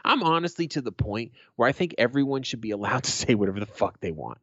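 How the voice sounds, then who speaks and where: A man's voice: medium pitch, lively intonation, quick pace, fairly bright tone, no room sound. A middle-aged man hosting a podcast, chatting casually as a blunt, profane, joking storyteller. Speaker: podcast host. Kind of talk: casual chat. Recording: dry, dull lo-fi recording.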